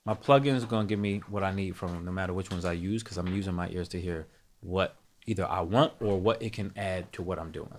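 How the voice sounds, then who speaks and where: A man's voice: deep voice, brisk, slight background noise. A man hosting a live music production tutorial, talking casually to his chat, thinking aloud and correcting himself as he goes.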